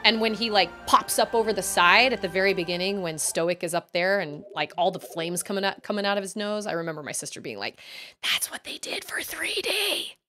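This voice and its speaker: A woman's voice: fairly low pitch, quick pace, few pauses, bright, forceful tone, soft background music. A young woman streaming a video game, chatting casually and breaking into frustrated outbursts and groans at the game. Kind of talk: casual live-stream chat while gaming.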